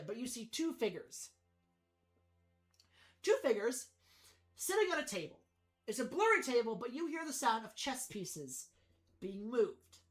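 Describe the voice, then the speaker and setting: A woman's voice: on the high side, a bit bright, rough recording. Female GM, dramatic narrator, stumbles and restarts, light music behind. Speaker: game master. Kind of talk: narrating a tabletop game.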